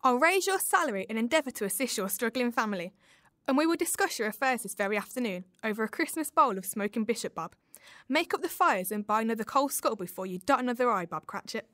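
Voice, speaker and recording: A woman reading aloud, voicing an old male miser who fakes a gruff tone before turning kindly. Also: a little high, animated, fast talker, fairly bright tone, no echo, studio quality. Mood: earnest. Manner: mock gruff, then earnest. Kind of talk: reading a classic story aloud.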